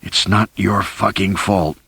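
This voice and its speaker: Gruff blunt man, curt and profane, deep voice, dry close sound, as a narrator plays him. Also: steady tone, slow pace, bright, forceful tone, no echo, heavily acted. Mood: weary. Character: gruff, blunt man, shaken but practical.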